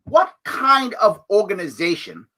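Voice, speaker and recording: Animated, sarcastic male show host. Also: high-pitched, unhurried. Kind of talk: political commentary livestream.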